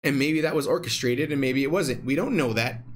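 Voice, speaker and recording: A man's voice: mid-range voice, a little fast, slight background noise. A man hosting a casual livestream, chatting loosely with many fillers and reading out viewer comments. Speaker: crypto livestream host.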